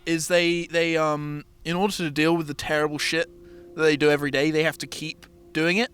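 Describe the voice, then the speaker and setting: A man's voice: on the high side, a little fast, clean tone. A man hosting a casual podcast chat, telling a story with lots of swearing and acted-out voices. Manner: animated storyteller, swears freely, acts out voices. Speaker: podcast host.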